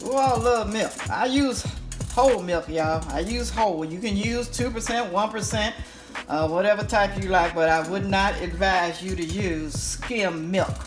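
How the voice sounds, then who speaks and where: A woman's voice: mid-range voice, unhurried. Chatty woman cooking at home. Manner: chatty and animated, addressing viewers as y'all, playful exclamations. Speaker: home cooking channel host. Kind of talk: casual cooking demonstration. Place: home kitchen, stove sizzling. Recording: roomy kitchen sound with loud background music.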